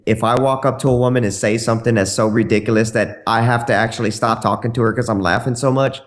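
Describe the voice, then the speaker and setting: Male podcast guest, mid-pitched, goofy and playful, acts out silly lines as he tells stories. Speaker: dating coach guest. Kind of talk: casual podcast interview.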